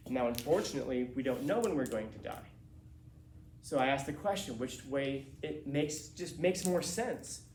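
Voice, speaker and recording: A man's voice: a little high, a little mellow, echoey room, a little hiss or hum. A male teacher giving a classroom lecture in a casual, slangy way, acting out quotes as he talks.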